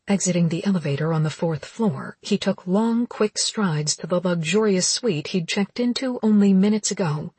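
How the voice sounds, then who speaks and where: Husky low-voiced woman narrating a romance. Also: lively intonation, moderate pace, few pauses, darkish tone, no echo. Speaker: audiobook narrator. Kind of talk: scripted narration of a romance novel.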